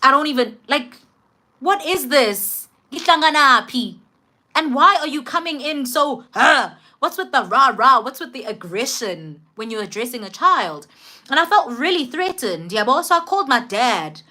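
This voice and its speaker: A young woman with a South African accent telling a storytime vlog in an animated, emphatic way. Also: high-pitched, moderate pace. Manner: animated, code-switching, emphatic. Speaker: vlogger.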